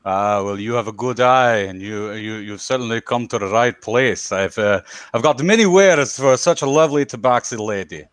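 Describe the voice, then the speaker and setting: Man playing a gaudy dwarf merchant, put-on Russian accent, fawning sales patter, halting, dry recording. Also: medium pitch, clear, resonant tone, no room sound, natural voice. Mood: salesy.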